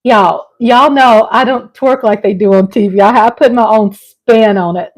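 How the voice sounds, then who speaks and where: A woman's voice: a little high, a little slow. A woman with a Southern US accent hosting a casual livestream vlog, chatty and playful, laughing often. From Texas. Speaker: vlog host.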